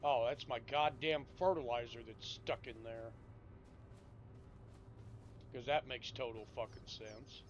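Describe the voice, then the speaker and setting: Annoyed guy cussing at a farming game, mid pitch, dry muffled mic. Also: steady tone, slow pace, long pauses, a little hiss or hum. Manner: frustrated, swearing, grumbling to himself. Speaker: gaming streamer. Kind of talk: casual gameplay commentary.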